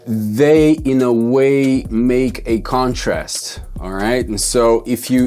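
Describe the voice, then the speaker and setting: A man's voice: medium pitch, a little mellow. A man teaching songwriting in a loose, rambling way, correcting himself and thinking aloud as he goes. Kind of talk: loose explanatory lesson.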